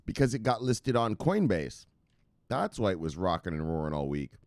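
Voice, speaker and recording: A man's voice: low-pitched, big pitch swings, normal speed, darkish tone, no echo, clean studio sound. A man hosting a casual crypto news show, playful and loose, chanting sing-song refrains and swearing freely. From United States. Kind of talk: casual market commentary.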